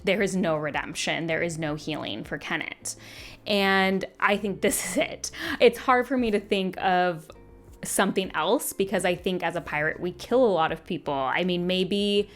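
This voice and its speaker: A woman giving a casual, emotional book review, talking through her feelings with many fillers and restarts. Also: fairly low pitch.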